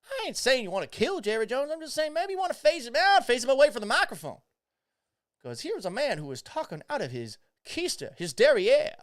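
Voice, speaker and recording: A man putting on a mock Southern accent as a folksy old Southern gentleman. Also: extremely high pitch, very animated, fairly quick, pitched above the performer's own voice, full character voice. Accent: put-on Southern US. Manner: mock-genteel drawl.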